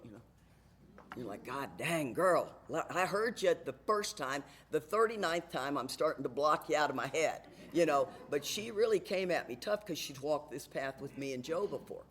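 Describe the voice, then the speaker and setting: A woman's voice: low voice, husky. An older woman speaking at a recovery meeting, telling personal stories in a frank, chatty way and laughing often. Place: AA meeting room.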